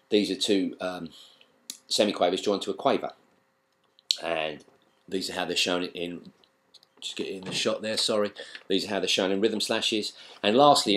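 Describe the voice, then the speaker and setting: Deep-voiced british guy teaching guitar, laid back, lots of ums and restarts. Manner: relaxed, halting explanations with many fillers and restarts. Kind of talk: casual spoken lesson.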